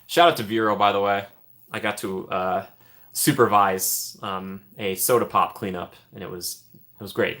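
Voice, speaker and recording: A young man hosting a casual live stream, chatting with viewers, laughing often and trailing off into soft mumbles. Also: lowish voice. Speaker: livestream host.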